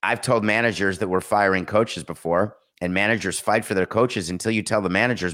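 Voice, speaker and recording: A man's voice: on the low side, steady tone, brisk, hardly any pauses, fairly bright tone. A middle-aged man hosting a sports talk show, commenting casually with sarcastic, mocking asides. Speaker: sports talk podcast host.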